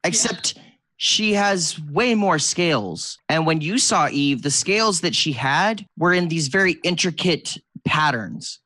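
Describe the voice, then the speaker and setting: A man's voice: a little high, expressive, measured pace, sharp tone, no echo. Man narrating as game master. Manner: descriptive, with frequent restarts.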